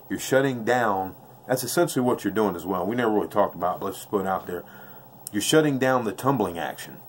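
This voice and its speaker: With a lowish voice and a little hiss or hum in the audio, a craps dice-control instructor speaks from off camera, face never shown. He's blunt and intense in a casual, slang-heavy dice-throwing tutorial, going over his points repeatedly.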